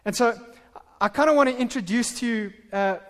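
A man preaching a sermon as pastor, animated and full of stammered restarts. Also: very high voice, brisk. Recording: reverberant hall.

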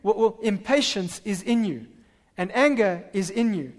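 High-voiced man preaching in a reverberant hall. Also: moderate pace. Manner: animated preaching with frequent stammered restarts. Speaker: pastor. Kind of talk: sermon.

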